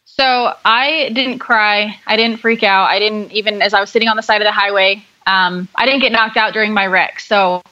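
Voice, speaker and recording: A woman's voice: medium pitch, fairly even intonation, normal speed, few pauses, pushed and bright, lo-fi sound. A young woman guest speaking candidly and upbeat in a casual podcast conversation, telling her own story.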